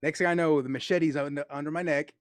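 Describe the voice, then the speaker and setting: A man hosting a casual interview, an excitable storyteller who acts out quotes and laughs often. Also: a little high, fast, no room sound.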